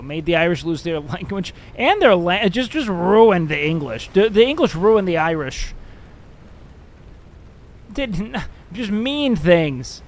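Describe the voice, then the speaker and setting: A man's voice: high-pitched, a little hiss or hum. A man streaming a game and chatting casually, joking and sarcastic, swearing freely. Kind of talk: casual gaming stream chat.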